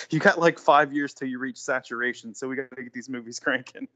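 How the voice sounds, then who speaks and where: A man's voice: medium pitch, brisk, pushed and bright. A man guest on a casual podcast movie review, laid-back and wry, joking about the film.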